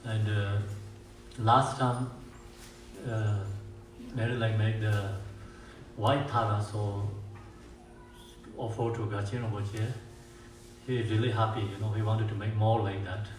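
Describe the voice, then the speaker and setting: A man with as his language gives a dharma teaching as a Buddhist teacher. He talks haltingly, with many fillers and restarts, and slows down to chant mantras. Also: fairly low pitch, level tone. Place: meditation centre hall. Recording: echoey room, mic far off, faint hiss.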